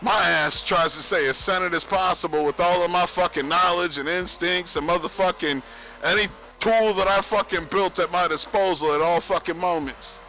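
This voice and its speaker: Profane, high-voiced bragging young man. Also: moderate pace, pushed and bright, soft background music, low-quality recording. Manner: profane, boastful, laughs often. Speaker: livestreamer. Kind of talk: rambling casual stream monologue.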